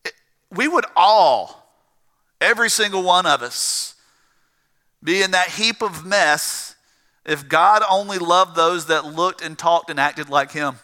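A man's voice: a little high, measured pace, bright, forceful tone. A man with a South Georgia accent preaching a sermon as pastor, earnest, repeating phrases and building emphasis. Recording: long reverb of a large hall.

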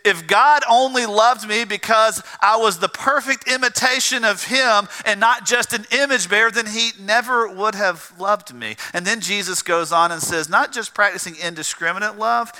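A man's voice: high-pitched, normal speed, hardly any pauses, bright, forceful tone. A man with a South Georgia accent preaching a sermon as pastor, earnest, repeating phrases and building emphasis. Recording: long reverb of a large hall.

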